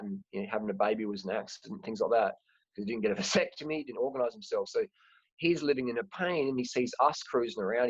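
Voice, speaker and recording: A husky-voiced man talks frankly in a loose, rambling way, often restarting his words. The sound is dry and a little dull, like a lo-fi home recording. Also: mid-range voice, no echo. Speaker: host. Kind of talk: casual chat.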